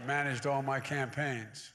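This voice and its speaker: A man's voice: mid-range voice, a bit bright. A man in his eighties giving a public speech at a church service, mixing folksy asides with emphatic oratory. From United States. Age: 80s. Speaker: guest speaker at a church service. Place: large church sanctuary. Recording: long hall reverb in a large church.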